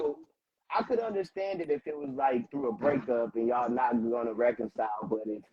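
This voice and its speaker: A man's voice: mid-range voice, brisk, crowd noise. A man co-hosting a casual chat, asking pointed questions and retelling stories with energy. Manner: probing questions, animated retelling. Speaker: podcast co-host. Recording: dull lo-fi sound.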